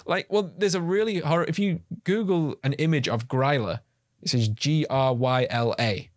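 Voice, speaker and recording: A man's voice: on the high side, moderate pace, no room sound, studio quality. A man co-hosting a podcast, chatting casually with a playful, laughing manner. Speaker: podcast co-host. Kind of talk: casual comedic chat.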